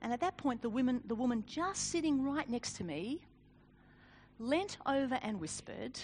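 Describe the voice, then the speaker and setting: A woman giving a sermon, telling a personal story in an animated, self-deprecating way with frequent laughs. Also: high voice, moderate pace, slight background noise. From Australia. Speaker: speaker.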